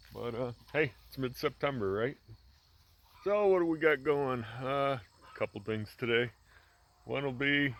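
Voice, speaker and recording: A man's voice: medium pitch, creaky. Easygoing farm guy rambling on a morning walk, ums and uhs, bit of outdoor hiss and bugs behind. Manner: relaxed, rambling, many fillers and restarts. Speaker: farmer vlogger. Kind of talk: casual walk-and-talk narration.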